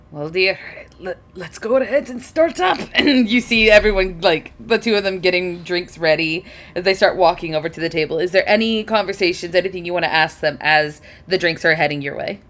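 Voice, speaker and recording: A woman's voice: fairly low pitch, fairly bright tone. A woman running a tabletop role-playing game who narrates casually, laughs often and swears freely. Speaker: game master.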